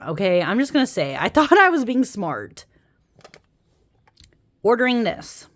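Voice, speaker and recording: Woman, casual vlog host, slow unhurried delivery, exasperated, swears and laughs while ranting. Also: mid-range voice. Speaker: tarot deck reviewer.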